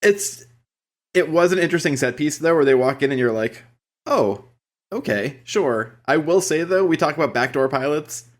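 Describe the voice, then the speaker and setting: A man's voice: on the high side, fairly quick. A man in his thirties co-hosting a podcast, wryly picking apart the jokes of a sitcom episode in casual chat. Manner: analytical, wry, picks apart jokes. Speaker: podcast co-host.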